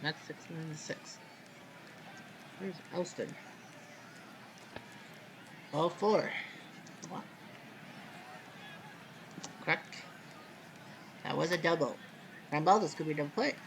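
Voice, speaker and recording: A man hosting casual play-by-play commentary of a simulated baseball game, relaxed and chatty, with sudden loud calls on big plays. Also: a little high, slow pace, gravelly, pauses often, a little hiss or hum.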